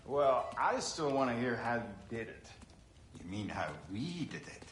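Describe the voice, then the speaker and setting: Male dubber doing a wry older companion, animated, roomy sound. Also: medium pitch, measured pace, noisy background, voice pushed down. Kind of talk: fan voice dub.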